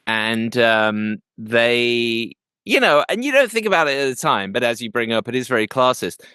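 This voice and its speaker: A man hosts an interview podcast and tells his stories with a showman's bounce. His voice rises and falls a lot, with mid-height pitch. The recording is dry and close. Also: normal speed, smooth, dry recording. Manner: animated storyteller, slips into playful impressions. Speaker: podcast host. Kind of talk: casual interview chat.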